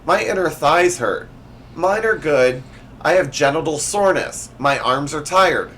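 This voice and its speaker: Animated man reading funny texts. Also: fairly high pitch, measured pace, slight background noise. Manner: animated, reads text messages in exaggerated voices. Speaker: host.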